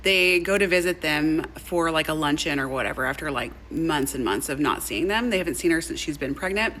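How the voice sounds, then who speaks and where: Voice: medium pitch, animated, brisk, pushed and bright, a little hiss or hum, low-quality recording. A speaker from a played clip retelling a story in a chatty, gossipy way. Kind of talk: casual storytime.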